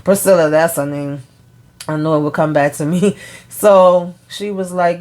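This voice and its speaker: A woman's voice: low-pitched, fairly even intonation, measured pace, a little mellow. A woman casually recapping a TV episode, chatty and full of fillers, retelling scenes line by line. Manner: forgetful of names, laughs at herself. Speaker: TV recap vlogger.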